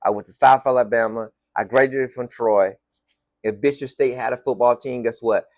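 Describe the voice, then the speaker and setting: A man's voice: mid-range voice, normal speed. A man in his forties from Florida with a Southern US accent, hosting a casual sports podcast monologue with emphatic, repetitive delivery. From Florida, USA. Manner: animated, emphatic, repeats phrases for effect. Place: home room with team decorations.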